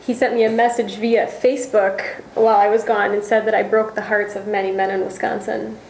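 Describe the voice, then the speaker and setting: A woman's voice: mid-range voice, little pitch movement, a little fast, gravelly, darkish tone, slight background noise. A young woman co-hosting a casual sports chat, chattily telling travel stories. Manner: chatty, storytelling. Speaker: co-host. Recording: roomy echo.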